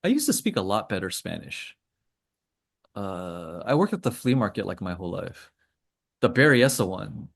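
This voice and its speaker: A man's voice: low voice, very animated, normal speed, vocal fry. A man hosting a casual trading call, rambling through charts with joking asides and lots of fillers. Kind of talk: casual screen-share commentary.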